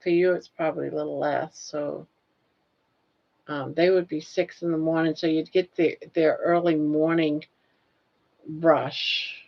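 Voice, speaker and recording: Slow, gravelly-voiced older woman chatting live. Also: low voice, level tone, muffled recording. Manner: chatty and folksy, drawing out viewers' names slowly. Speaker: livestream host. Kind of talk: casual live chat, reading viewer comments.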